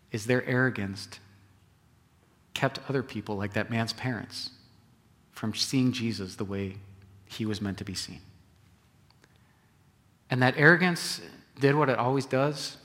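A male pastor preaching a sermon, swinging between loud emphasis and soft, hushed phrases. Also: medium pitch, in a large hall.

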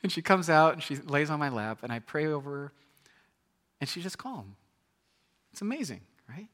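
A man in his thirties preaching a sermon in a conversational, animated storytelling way, often repeating his words. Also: on the high side, moderate pace.

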